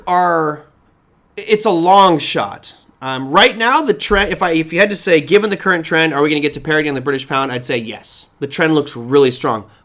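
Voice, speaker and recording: Animated, high-pitched man on live markets stream. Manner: conversational, animated, rhetorical questions, frequent restarts. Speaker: market analyst host answering viewer questions.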